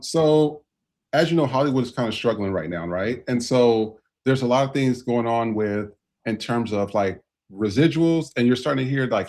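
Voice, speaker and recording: A man's voice: medium pitch, a little mellow. A man hosting a podcast in casual, loose conversation, talking over a video call setup. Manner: loose and conversational, with fillers and restarts. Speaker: podcast host.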